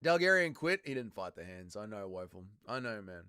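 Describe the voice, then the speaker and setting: Excitable, swearing male livestream host. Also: fairly low pitch, fairly quick, clear, resonant tone. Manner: excitable, profane, yells at the fighters. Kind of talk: live fight watch-along commentary.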